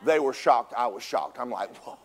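A man, a pastor preaching a storytelling sermon in church, swinging from loud bursts to a hushed voice. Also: medium pitch, moderate pace, crowd noise. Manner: animated storytelling with big swings in loudness, drops to a hush. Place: church sanctuary.

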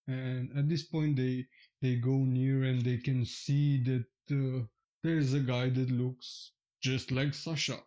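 A man narrates a tabletop game as game master in a slow, unhurried way. His voice is dark and mellow, and he pauses often on "uh". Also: medium pitch, little pitch movement, rough recording.

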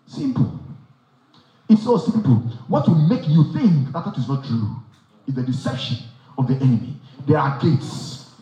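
Echoey, high-pitched preacher man. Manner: emphatic, rhetorical questions, repeats phrases. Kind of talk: sermon. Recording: very echoey, dull sound.

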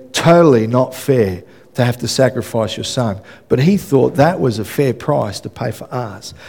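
A male pastor, preaching a sermon and telling an animated story, acting out the dialogue and often checking in with "yeah?". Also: medium pitch, vocal fry, breathy edge. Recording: reverberant hall.

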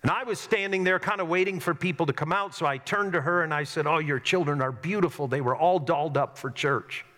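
A man's voice: on the high side, a little fast, few pauses, pushed and bright. A middle-aged man, a pastor, preaching a sermon in a church sanctuary, telling stories in an earnest way with self-mocking humor. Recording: long hall reverb.

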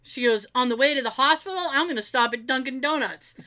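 A woman co-hosting a casual chat, telling family stories in an animated way, swearing freely and acting out what relatives said. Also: sits high, fast.

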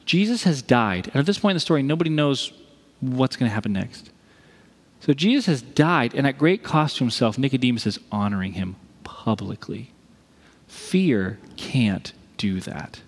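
A man's voice: medium pitch, very animated, a little fast, breathy edge, long reverb tail. A male pastor delivering a conversational sermon, telling a story and acting out the voices of the people in it.

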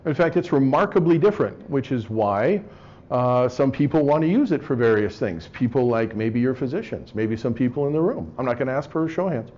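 Guy giving a jokey talk to a crowd, keeps clearing his throat, mid voice, muffled sound. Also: mid-range voice, lively intonation, a little fast, darkish tone. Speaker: lecturer. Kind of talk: joking lecture to a live audience. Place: room with an audience. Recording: slightly dull lo-fi recording.

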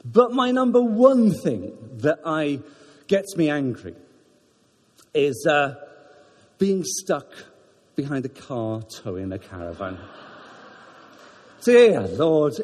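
A Welsh man gives a jokey, self-deprecating talk to his congregation, often pausing with ums. His fairly high, husky voice swings widely in pitch. The sound carries a long church-hall reverb. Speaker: church member giving a talk. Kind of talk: informal sermon talk.

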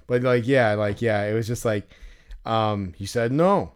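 A young man co-hosting a podcast, telling a story in a casual, animated way with many fillers. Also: measured pace, smooth. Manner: animated storyteller, acts out others in loud high voices. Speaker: podcast co-host. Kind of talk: casual chat.

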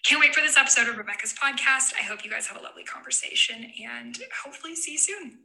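A woman recording a video message for a friend, her voice very bright and a little high. She gushes with pride and pokes fun at herself. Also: fast talker, gravelly, low-quality recording. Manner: gushing, self-mocking.

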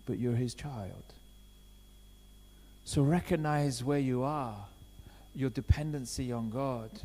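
A man preaching a sermon in a conversational way, swinging from quiet asides to loud urgent appeals. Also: mid-range voice. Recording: long hall reverb.

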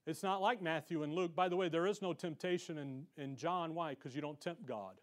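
A male Bible teacher leads a verse-by-verse lesson in a fairly high voice. He talks with punchy energy and keeps firing rhetorical questions at his class. He reads scripture passages aloud between his points. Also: fairly quick.

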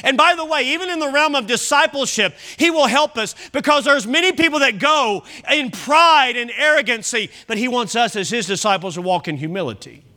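A man preaching a sermon as pastor, emphatic, with big swings in loudness and chatty asides and self-corrections. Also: very high-pitched, expressive, fairly quick, hardly any pauses.

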